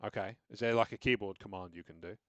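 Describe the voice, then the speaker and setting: With a fairly low pitch and quick pace, he's recorded with no room sound and the highs cut off. The man is a live game streamer, casually thinking aloud about his setup, describing what he's doing on screen and tossing in self-deprecating remarks as he rambles.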